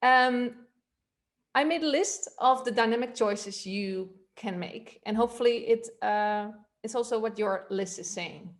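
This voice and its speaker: Relaxed woman coaching a voice workshop. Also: fairly high pitch, unhurried. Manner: relaxed, explanatory, with fillers. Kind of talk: teaching a voice workshop.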